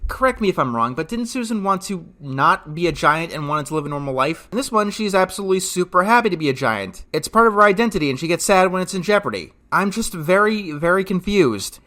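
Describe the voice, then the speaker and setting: A man reviews a cartoon in a scripted voice-over, ranting with sarcasm and the odd curse. His voice sits high and sounds bright and sharp. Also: expressive, brisk, few pauses. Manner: sarcastic, exasperated and ranting, with swearing. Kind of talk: scripted comedic review narration.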